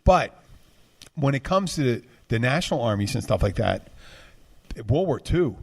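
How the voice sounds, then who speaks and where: A man's voice: mid-range voice, very animated, normal speed, vocal fry, darkish tone. A man co-hosting a podcast, chatting casually and rambling with many restarts. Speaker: podcast co-host. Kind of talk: casual chat.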